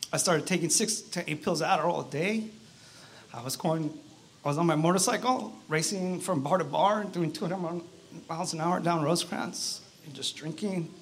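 A man tells his personal testimony at an outdoor church service in a gravelly, somewhat high voice. He speaks earnestly and haltingly and keeps reaching for "you know." Faint background noise sits under his words. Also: fairly bright tone. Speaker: church member giving testimony.

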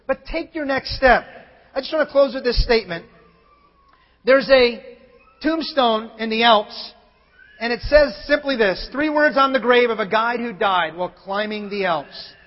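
Man, pastor, animated storytelling sermon, large church hall, dull lo-fi recording. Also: extremely high pitch. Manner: animated, acts out other people's lines, builds to shouts. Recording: long hall reverb, dull lo-fi sound.

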